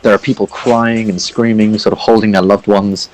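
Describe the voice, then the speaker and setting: Low-voiced man game master. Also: level tone, moderate pace, darkish tone, a little hiss or hum, poor audio. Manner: rambling, many fillers. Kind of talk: narrating a tabletop game.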